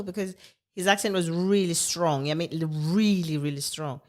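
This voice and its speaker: South african lady, zulu first language, really low voice, animated storyteller, keeps saying yes yes on a chat podcast. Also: moderate pace. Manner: animated storyteller, laughs often, emphatic agreement. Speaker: podcast co-host. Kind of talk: casual chat. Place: podcast recording in Britain.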